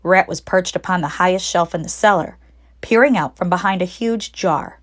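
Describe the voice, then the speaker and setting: A woman narrating a children's book aloud with expressive storytelling. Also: lowish voice, normal speed. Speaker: audiobook narrator.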